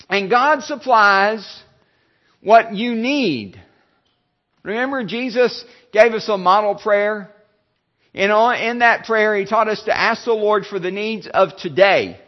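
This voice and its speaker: A male pastor giving a sermon, halting, with many fillers and restarts. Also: high voice, lo-fi sound.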